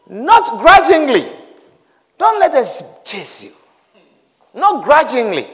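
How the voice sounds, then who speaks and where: High, lively-voiced preacher man in a hall. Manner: emphatic, repetitive, rising to shouts. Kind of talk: sermon. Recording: reverberant hall.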